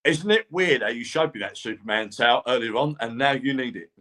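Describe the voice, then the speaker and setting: Appearing as the guest medium on a live online show, a man chats and teases casually, often stammering as he begins a sentence. His medium-pitched voice is expressive and sharp in tone, and he talks a little fast.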